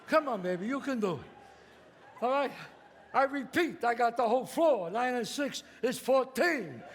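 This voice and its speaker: Brash new mob boss barking orders, as a man acts him out, high edgy voice, echoey stage. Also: expressive, a little slow, some chatter behind, a little hiss or hum. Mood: commanding. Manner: loud, bossy, profane, coaxing. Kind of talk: one-man stage show. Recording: live stage, long reverb, faint ambience.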